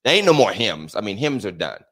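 A man co-hosting a casual podcast conversation, joking and animated, often breaking into laughter. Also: on the low side, brisk, breathy edge. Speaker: podcast co-host. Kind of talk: casual chat.

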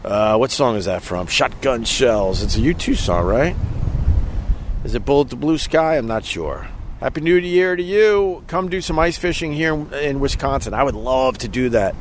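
A man's voice: medium pitch, lively intonation, normal speed. A middle-aged man hosting a casual livestream outdoors on a beach at sunset, rambling and chuckling as he reads viewer comments. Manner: rambling, chuckling, loose and profane. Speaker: livestream host. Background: wind and faint outdoor noise.

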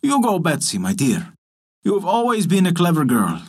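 Casting: man reading a cranky fairy-tale father, husky and lively. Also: a little high, moderate pace, heavily acted. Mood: commanding. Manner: gruff commands, easily angered. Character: weary, grumbling old father of three girls. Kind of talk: storybook character voice.

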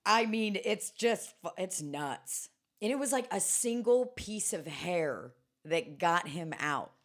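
Brief: woman podcast co-host, lowish voice, chatty, giggles a lot, casual swearing, studio mic. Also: lively intonation, takes it slowly. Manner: laughs often, swears casually. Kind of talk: casual chat. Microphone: studio microphone.

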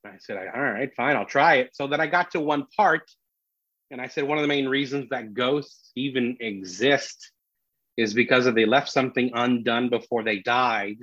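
A man, a comedian, telling a story in casual podcast chat, animated and full of restarts. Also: mid-range voice, moderate pace, no room sound. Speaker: comedian guest. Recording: dull lo-fi dry sound.

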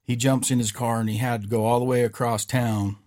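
A man's voice: mid-range voice, flat delivery, a little fast, a little mellow. A man hosting a podcast, telling a story in a rambling, casual way and often checking in with "right?". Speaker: podcast host.

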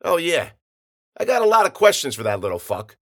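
A man's voice: fairly high pitch, wildly swooping pitch, fairly quick, pitched above the performer's own voice, exaggerated voice. A man voicing a brash, crude, wisecracking tough guy who curses a lot. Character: brash, foul-mouthed tough guy, male, century-old.

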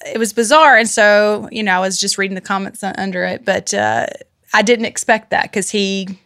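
Woman co-host, bright voice, halting casual talk, dry room. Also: mid-range voice, steady tone, no room sound. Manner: hesitant, with fillers. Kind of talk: casual conversation. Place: studio.

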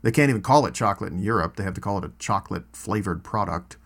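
A man's voice: on the low side, rapid-fire, gravelly, a bit bright. Guy quoting a young woman hiker who's fed up, earnest, voice lifted just a bit. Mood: indignant. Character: upset young woman hiker, early twenties.

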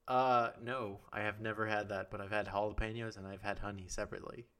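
A man co-hosting a podcast in casual chat, speaking quietly and low-key. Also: flat delivery, fast talker, clear, resonant tone, dry recording. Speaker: podcast co-host.

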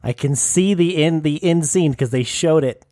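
A man's voice: fairly high pitch, moderate pace, mellow, dry recording, clean studio sound. Easygoing man guessing movie trivia. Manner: easygoing, self-mocking, swears when stumped. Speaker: podcast co-host guessing movies. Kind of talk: casual banter.

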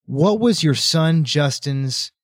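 A man co-hosting a casual book podcast, recapping the plot in an animated way and acting out the characters' lines. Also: a little high, slow pace, dry recording, studio quality. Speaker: podcast co-host.

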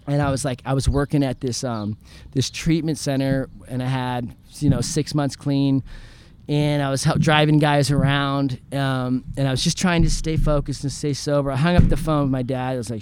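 A man from San Diego, a guest in an outdoor interview, telling his story in an animated, profane way and acting out the lines of the people in it. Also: medium pitch, moderate pace, clear, resonant tone. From San Diego, California. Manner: animated, profane, acts out quoted dialogue.

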